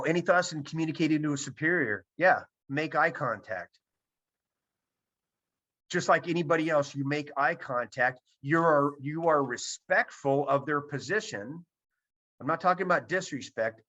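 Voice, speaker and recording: Giving a seminar over a video call, a man addresses his virtual audience in a fairly high, fairly bright voice. He presents emphatically, going back over his key points, in dull, lo-fi audio.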